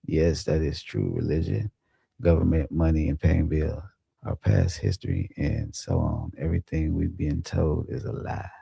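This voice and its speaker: A man's voice: a bass voice, lively intonation, normal speed, gravelly, mellow, breathy edge, dry recording. A young man hosting a livestream, chatting casually and reading out viewer comments in a laid-back, rambling way, laughing often. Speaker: livestream host.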